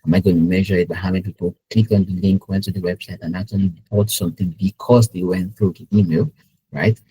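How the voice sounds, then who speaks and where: Man, low voice, mellow tone, webinar presenter quizzing his audience. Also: steady tone, fast, breathy edge, rough recording. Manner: conversational, asks the audience questions and tags lines with "right?". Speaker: webinar presenter, business intelligence specialist. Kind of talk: live online teaching webinar.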